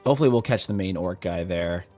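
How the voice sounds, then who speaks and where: A man's voice: deep voice, fast, warm tone, soft background music. A man playing in a tabletop game, earnestly talking strategy and often restarting his sentences. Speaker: player. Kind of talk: casual tabletop game chat.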